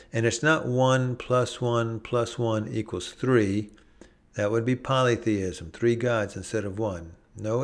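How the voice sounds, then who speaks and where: A man's voice: on the low side, darkish tone. A man preaching a sermon, earnest, with varied pacing, briefly acting out voices from the stories he tells. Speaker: pastor.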